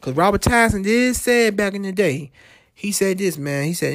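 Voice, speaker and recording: A woman ranting in a heated, profane way, repeating herself and swinging her pitch up and down. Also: expressive, moderate pace, dry recording, clean studio sound. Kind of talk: profane personal rant.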